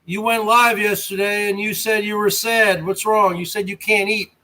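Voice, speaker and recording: This American host, from the United States, speaks at normal speed with a high-sitting voice, flat delivery, and a bright, forceful tone. On his casual livestream he reads chat, taunts viewers by name, and mocks chatters directly.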